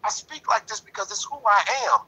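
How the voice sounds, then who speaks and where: A man's voice: high-pitched, lively intonation, fairly quick, sharp tone, slightly rough, poor audio. A man in a lodge discussion talking in a preachy, emphatic way, repeating himself and leaning on "you know". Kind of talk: passionate casual discussion.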